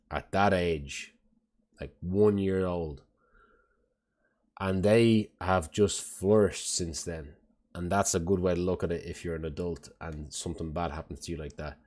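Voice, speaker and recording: A man's voice: low-pitched, a little mellow. A man chatting casually on a live stream, rambling and swearing freely, often sounding exasperated. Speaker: parent.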